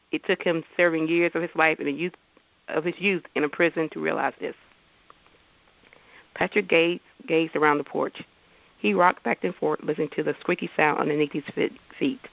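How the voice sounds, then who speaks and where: A woman, an author and teacher, introduces herself and reads from her novel with a halting delivery full of restarts. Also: deep voice, gravelly, no echo. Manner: halting, with many fillers and restarts. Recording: dull lo-fi dry sound.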